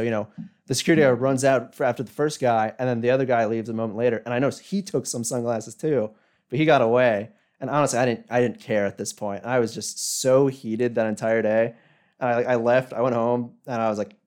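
A young man tells a story in a loose, casual chat. He rambles through it, leaning on "like" and "you know" at every turn. His voice sits at an ordinary male pitch. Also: a little mellow.

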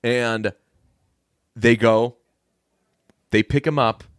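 Guy on a podcast telling a movie plot, jumps into higher voices for the characters, dry close sound. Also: drawn-out words, clear, resonant tone, no echo. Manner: animated storytelling, acting out quoted lines in a higher voice. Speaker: podcast co-host. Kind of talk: casual movie recap chat.

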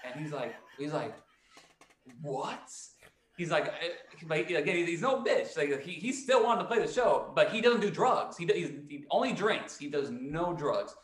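A man's voice: a little high, big pitch swings, normal speed, few pauses, roomy sound. A man casually telling a long, rambling band story, often acting out what people said. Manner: rambling storyteller, lots of restarts, acts out quotes. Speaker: band frontman and podcast host. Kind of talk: casual chat.

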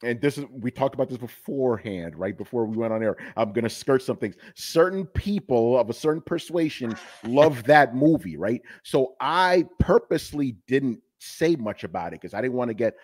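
A middle-aged man with a slightly husky voice, talking animatedly as a podcast guest. He is emphatic and swears freely in casual chat. The recording is close and dry. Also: mid-range voice, expressive, normal speed, hardly any pauses, a little mellow, dry recording.

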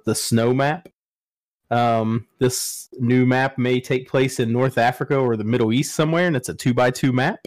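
Man, casual gaming news, wry, relaxed, mid-pitched voice, dry sound. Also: no echo. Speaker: podcast co-host presenting news.

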